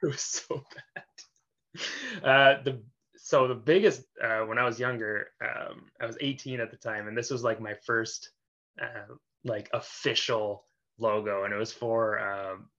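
A man's voice: mid-range voice, fairly even intonation, unhurried, bright, forceful tone, highs cut off. A young man in his twenties, a designer guest, talking casually and easily with plenty of fillers. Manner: easygoing, laughs often, uses fillers. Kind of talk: casual interview chat.

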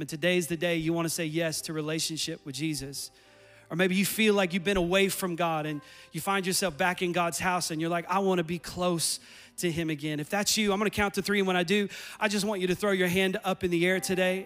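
A man's voice: high voice, fairly bright tone. A man preaching a sermon in a church, building with repetition and urgency and leading a prayer. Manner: preaching with rising intensity and repetition. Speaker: pastor. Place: church sanctuary.

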